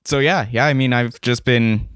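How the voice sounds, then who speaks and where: A man's voice: mid-range voice, steady tone, normal speed, a bit bright, smooth, dry recording, studio quality. A man co-hosting a band podcast, talking in a casual, rambling way with lots of fillers and restarts. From Canada. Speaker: podcast co-host, band member. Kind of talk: casual chat.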